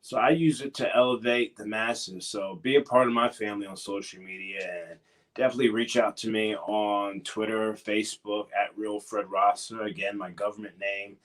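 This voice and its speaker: A man's voice: on the low side, fairly even intonation, normal speed, fairly bright tone. A man who wrestles professionally, answering questions in a casual interview, earnest and a bit hesitant, encouraging at times.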